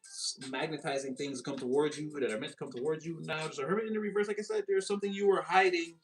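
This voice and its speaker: A man giving a casual tarot reading, excitable and rambling, with many restarts and fillers. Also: fairly high pitch, quick pace, low-quality recording. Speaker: tarot reader.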